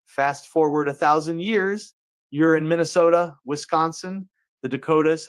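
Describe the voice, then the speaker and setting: The host, a man whose voice is a little high and a little slow, delivers a jokey monologue show full of playful asides and put-on folksy voices.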